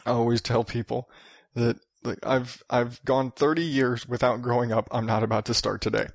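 A man's voice: medium pitch, level tone, moderate pace, vocal fry, no room sound, studio quality. A man in his thirties hosting a solo podcast, ranting and rambling with a lot of swearing. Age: 30s. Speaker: podcast host.

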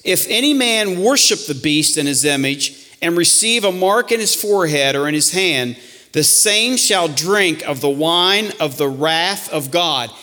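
A man preaching a sermon to his church, alternating emphatic warnings with hushed, slower asides. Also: a little high. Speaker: pastor.

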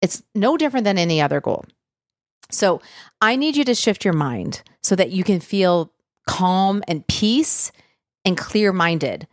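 A woman's voice: fairly low pitch, lively intonation, measured pace, dry recording, clean studio sound. A woman weight loss coach giving an earnest, reassuring talk straight to her listeners. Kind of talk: motivational talk to viewers.

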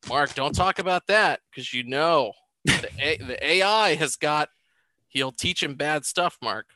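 Lively, bright-voiced man hosting. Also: a little high, slight background noise. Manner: animated, joking, quick to laugh. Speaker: podcast host. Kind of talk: casual film review chat.

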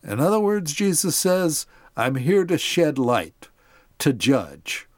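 A man's voice: fairly high pitch, very animated, slow pace, no room sound, clean studio sound. A man hosting a podcast, narrating a Bible story and explaining it to his listeners. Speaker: podcast host.

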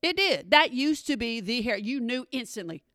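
A woman's voice: on the high side, sing-song, normal speed, a bit bright, no echo. A woman doing stand-up comedy, sassy, with dry asides. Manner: sassy, dry asides, drops into mimicked voices.

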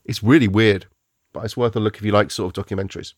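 A man's voice: fairly low pitch, fairly even intonation, fast, no echo, clean studio sound. A man hosting a podcast, reviewing films in casual, rambling chat, often restarting and searching for words.

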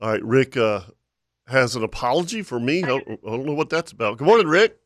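A man's voice: mid-range voice, animated, fairly quick, dry recording, studio quality. A man hosting a radio fishing show, telling stories in a casual, rambling way with lots of restarts. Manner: rambling storyteller with many restarts. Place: radio studio. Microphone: studio mic.

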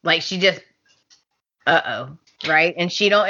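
Bright-voiced woman podcaster, lo-fi. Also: lowish voice, unhurried. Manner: animated, acts out characters' lines. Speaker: podcast co-host. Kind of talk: casual chat recapping a soap opera. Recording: slightly dull lo-fi podcast audio.

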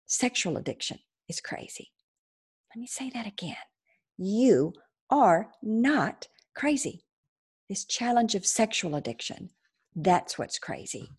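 A woman counselor speaking gently and reassuringly on a recovery podcast, sometimes restarting phrases. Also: medium pitch, breathy edge.

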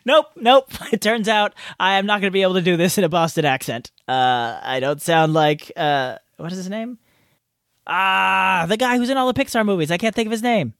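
A man's voice: sits high, moderate pace, vocal fry, a bit bright, dry recording, clean studio sound. A man hosting a podcast, chatting through his outtakes in a goofy, playful, self-mocking way from a hot home garage. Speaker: podcast host. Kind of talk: casual outtakes chat.

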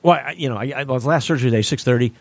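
A man, a stand-up comedian, telling stories in a casual interview, lively and jokey, acting out voices and laughing often. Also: mid-range voice, very fast, no room sound. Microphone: studio microphone and headphones.

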